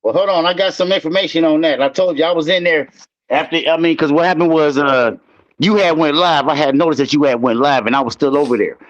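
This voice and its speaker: A man's voice: fairly high pitch, fast, no echo, highs cut off. A man telling loose, profane stories in casual livestream chat. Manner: loose, profane, rambling storytelling. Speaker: guest on a livestream show.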